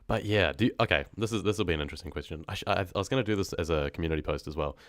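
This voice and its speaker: A man's voice: low voice, very fast, fairly bright tone, no room sound, studio quality. A young man with a New Zealand accent chatting casually with his livestream viewers, rambling and often trailing off mid-thought. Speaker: horror story narrator chatting on a livestream.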